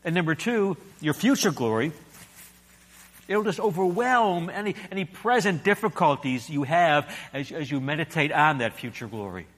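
A male preacher delivering a sermon with lively storytelling. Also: on the high side, moderate pace. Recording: echoey hall.

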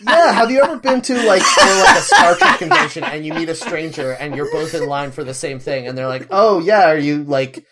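A man's voice: on the high side, lively intonation, a little fast, hardly any pauses, bright, forceful tone. A young man co-hosting a podcast, chatting casually with a wry, joking delivery. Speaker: podcast co-host. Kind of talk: casual chat.

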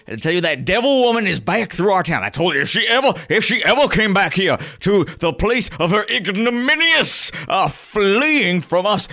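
A man voicing a fat, angry country carriage driver who rants in a high, shouty drawl. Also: heavily acted.

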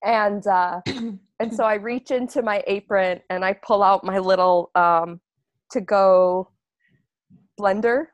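A woman voicing a shy woman whose head sits in a dome, talking hesitantly with many pauses and soft laughs. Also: mid-range voice, fairly even intonation, no echo, dull audio, close to an everyday voice. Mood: amused. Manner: hesitant, many ums, giggly.

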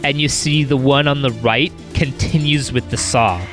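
A man narrating as game master of a tabletop role-playing game in a measured, descriptive way. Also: mid-range voice, steady tone, fairly bright tone, faint music behind.

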